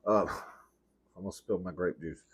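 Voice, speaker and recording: A man's voice: sits low, moderate pace, husky, muffled recording. A man in his thirties hosting a comedy eating show at home, telling rambling, sassy stories full of swearing and calling listeners "girl". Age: 30s. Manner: rambling, self-correcting. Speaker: host. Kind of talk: comedic storytelling while eating.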